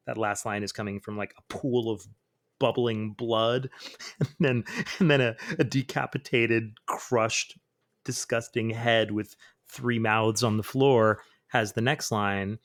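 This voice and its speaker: A man's voice: on the low side, steady tone, measured pace. A man hosting a comics podcast, chatting casually with lots of fillers and reading quoted lines with dramatic flair. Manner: reads quotes with dramatic flair between laid-back asides. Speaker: podcast host. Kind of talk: casual comic book commentary.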